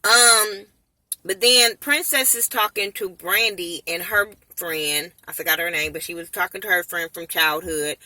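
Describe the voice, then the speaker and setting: A woman giving a blunt, profane, animated rant while reviewing a TV show. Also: lowish voice, measured pace, no room sound, poor audio. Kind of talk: casual ranting commentary.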